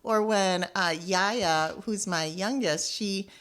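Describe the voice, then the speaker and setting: A woman's voice: mid-range voice, slow, a bit bright, clean tone. A middle-aged woman from Jamaica co-hosting a podcast, reminiscing and chiming in with agreement. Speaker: podcast co-host. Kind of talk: casual podcast chat.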